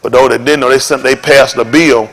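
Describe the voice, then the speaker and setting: A man preaching an informal sermon to his congregation in a folksy, joking way that rises to shouts. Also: medium pitch, fairly even intonation, a little fast. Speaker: congregation leader.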